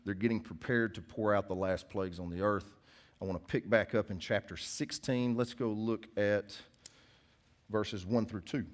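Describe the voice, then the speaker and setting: A man's voice: fairly low pitch, steady tone, normal speed. A man preaching a sermon in a folksy, conversational way, often putting questions to his congregation. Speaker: pastor.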